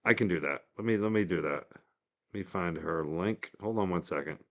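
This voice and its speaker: A man's voice: low-pitched, normal speed, muffled recording. A man from the North Shore of Massachusetts with its accent, hosting a casual livestream in a rambling, chatty way with lots of fillers. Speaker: livestream host.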